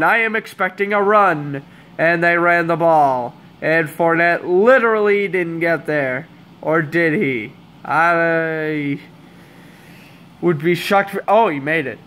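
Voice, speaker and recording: A young man calling a football game as a fan commentator, hoarse and under the weather, with sarcastic, exasperated asides. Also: a little high, a bit bright. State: hoarse, voice giving out. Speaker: amateur play-by-play commentator.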